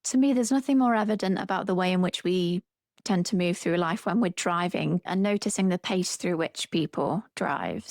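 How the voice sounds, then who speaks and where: A woman, a therapist co-hosting a casual podcast chat, reflective and quick to vent about her pet peeves. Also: fairly low pitch, no room sound, studio quality.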